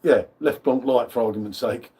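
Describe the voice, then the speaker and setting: A man's voice: medium pitch, normal speed, warm tone, breathy edge. A man hosting a live beer tasting, chatting casually with matey banter and greeting viewers by name. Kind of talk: casual live-stream chat.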